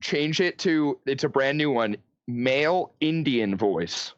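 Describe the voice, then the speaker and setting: A man co-hosting a comedy podcast, bantering excitably and swearing a lot in casual chat. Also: mid-range voice, takes it slowly, no echo. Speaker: podcast co-host. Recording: dull lo-fi sound.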